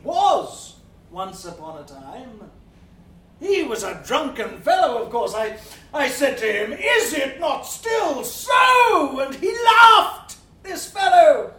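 Brief: male actor as a drunken middle-aged Georgian gentleman, theatrical monologue swinging wildly in pitch, faint background noise. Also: exaggerated voice. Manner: theatrical, swinging between bluster and hushed brooding. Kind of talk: dramatic monologue. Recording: roomy, distant mic.

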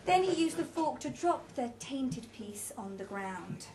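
A woman narrating a story in an even, measured reading voice. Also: sits high, a little hiss or hum. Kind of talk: audiobook narration.

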